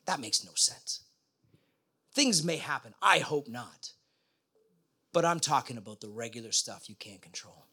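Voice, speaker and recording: A man's voice: medium pitch, lively intonation, measured pace, pauses often, bright, forceful tone, husky. A middle-aged man preaching a sermon in a conversational way, often putting questions to the congregation. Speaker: pastor.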